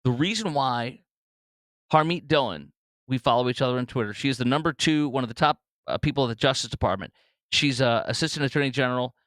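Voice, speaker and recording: A man's voice: medium pitch, fairly bright tone, dry recording. A man hosting a political talk show, rambling through commentary with many fillers and restarts.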